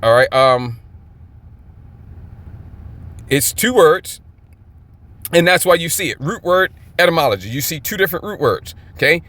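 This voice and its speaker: A man's voice: fairly high pitch, very animated, moderate pace, fairly bright tone. A man teaching scripture in a fired-up, emphatic way, often checking in with his listeners. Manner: emphatic, keeps checking in with "okay?". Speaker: Bible teacher.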